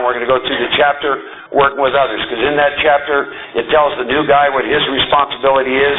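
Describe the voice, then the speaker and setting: A man giving a talk to a recovery group, emphatic and animated, often checking in with the audience. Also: mid-range voice, phone-quality sound, background noise. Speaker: recovery meeting speaker.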